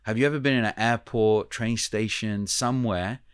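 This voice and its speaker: A man who is a communication expert, explaining ideas in a measured, teacherly way as a podcast guest. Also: fairly low pitch, fairly even intonation, clean tone, no room sound, clean studio sound. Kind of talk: podcast interview.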